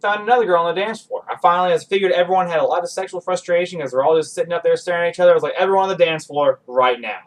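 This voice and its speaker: A man telling a rambling, self-deprecating story as a podcast guest, with quick restarts. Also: sits high, recorded from a distance, low-quality recording. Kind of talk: casual storytelling.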